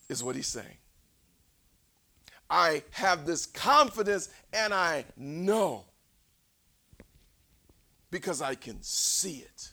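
Slow, animated preacher man. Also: on the high side, vocal fry. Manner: swings from shouting to near whispers; calls out for congregation responses. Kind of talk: sermon.

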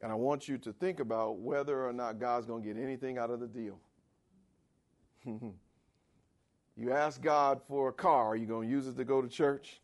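A man preaching a sermon in a conversational style, asking for amens and swinging between loud and quiet. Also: fairly even intonation, normal speed, pauses often. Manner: dramatic swings in pitch and volume. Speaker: pastor.

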